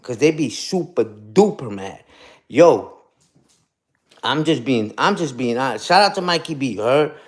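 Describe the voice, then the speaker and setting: A man live-streams in an animated, slightly slow, medium-pitched voice, ranting and taunting casually. He repeats himself and keeps tossing in "you heard?" over and over.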